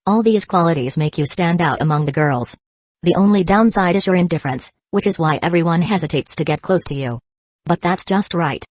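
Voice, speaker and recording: Assured teasing schoolboy from a storybook, smooth and even, a woman reading him, low voice, dry sound. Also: fairly quick, no room sound, close to an everyday voice. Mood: calm teasing. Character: calm, confident teenage boy, teasing.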